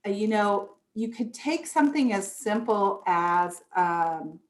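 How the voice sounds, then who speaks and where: A woman leads a workshop in a slow, deliberate way, explaining ideas step by step. Now and then she acts out everyday thoughts to make her point. Her voice carries a noticeable room echo. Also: mid-range voice, animated. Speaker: presenter. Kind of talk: online workshop talk. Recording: echoey room.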